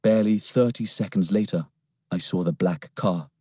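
A man narrating an adventure audiobook in first person with a steady storytelling manner. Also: sits low, moderate pace, no echo. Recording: dull lo-fi, dry recording.

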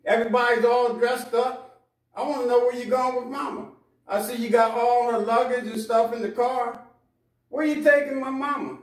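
A man's voice: very high-pitched, moderate pace, roomy sound, far from the mic, poor audio. A man preaching acts out a reformed prodigal son greeting his mother. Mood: demanding. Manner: excited, earnest.

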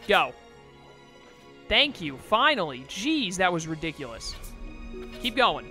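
A man's voice: high-pitched, big pitch swings, slow, bright, forceful tone, soft background music. A young man casually commenting on a video game as he plays, often exasperated and talking back to the game. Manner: exasperated, chatty, talks to the game. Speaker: let's play host.

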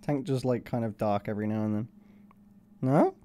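A man streaming live, chatting casually and cooing to his puppy in a high, doting voice. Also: moderate pace, mellow. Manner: coos to a puppy in a high baby voice.

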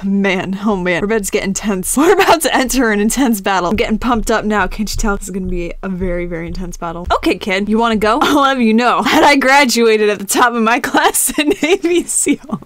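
A woman commenting on her own gameplay in a teasing, sarcastic way, breaking into excited bursts now and then. Her voice sits at an ordinary middle pitch and is recorded dry and close, with no room sound around it. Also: fairly quick, few pauses, dry recording. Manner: playful and sarcastic, with excited outbursts. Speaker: gaming channel host.

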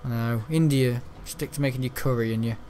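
A man's voice: mid-range voice, fairly quick, mellow, slight background noise. A young man rambling casually while playing a game, swearing mildly and restarting his sentences often. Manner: meandering, chatty, swears casually, frequent restarts. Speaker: gaming YouTuber. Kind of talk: rambling let's-play commentary.

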